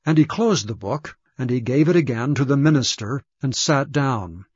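A man giving a measured, solemn scripture reading. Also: mid-range voice, animated, a little mellow, husky, dry recording. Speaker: scripture reader. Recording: dull, dry lo-fi recording.

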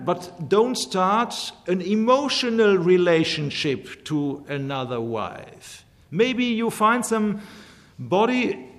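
A man preaching a sermon in a measured, emphatic way, slowly repeating his key phrases. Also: sits high. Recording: long hall reverb.

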